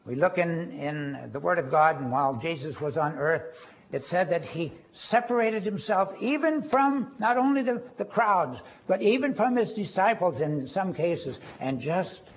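A man preaching a sermon, quoting scripture and rising in pitch and force on key phrases. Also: animated, measured pace. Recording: dull lo-fi recording.

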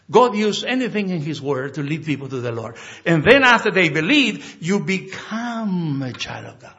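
Male pastor, emphatic sermon delivery, fairly high voice, dull lo-fi recording. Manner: animated, emphatic, acts out dialogues.

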